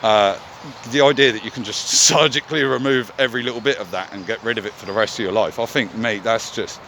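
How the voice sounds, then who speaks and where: A man's voice: on the low side, fairly even intonation, fast talker, pushed and bright, slight background noise. A man vlogging in a candid, casual monologue, swearing often as he talks.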